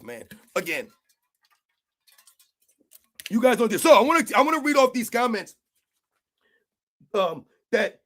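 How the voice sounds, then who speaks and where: Middle-aged male sports ranter, very high voice, rambling and excitable, casual solo host delivery. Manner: rambling, excitable, peppered with "man" and "like I said".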